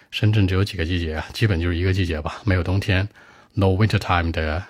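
Chinese guy teaching english words, really low voice, dry close sound. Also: dry recording. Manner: mixes Chinese and English, quizzing listeners with questions. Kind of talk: explaining vocabulary, then reading a model answer.

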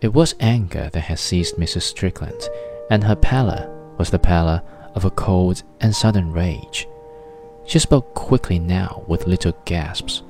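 A man reading a novel aloud in measured, literary scripted narration. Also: low voice, a little mellow, soft background music. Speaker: audiobook narrator.

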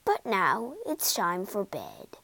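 Woman doing a slow, stern old badger. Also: mid-range voice, wildly swooping pitch, creaky, pushed and bright, no room sound, exaggerated voice.

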